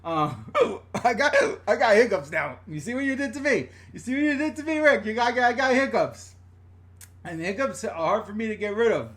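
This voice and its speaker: A middle-aged man from the New York and New Jersey area hosts a casual live-stream rant from a room in his home. His voice is high-pitched, bright, and brisk, with big pitch swings, and he's blunt, chatty, and swears freely while reading viewer comments aloud.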